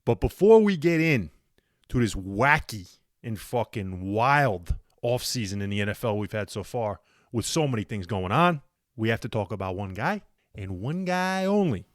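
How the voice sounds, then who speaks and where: Animated, profane male sports podcaster. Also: fairly low pitch, moderate pace, no room sound, clean studio sound. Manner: animated, profane, swings louder for emphasis. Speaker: podcast co-host. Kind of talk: casual sports chat.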